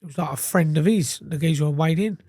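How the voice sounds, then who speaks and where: A man's voice: fairly high pitch, quick pace, dark tone, no room sound. English guy swearing his way through a story, acts out what people said, dead dry mic. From England. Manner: casual, heavy swearing, acts out quoted speech. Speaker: guest. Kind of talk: candid storytelling interview.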